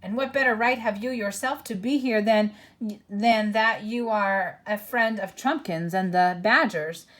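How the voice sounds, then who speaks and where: A woman's voice: medium pitch, a little slow, a bit bright, close to an everyday voice. A woman voicing a surly, quarrelsome male dwarf who snarls and sneers. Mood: snarling.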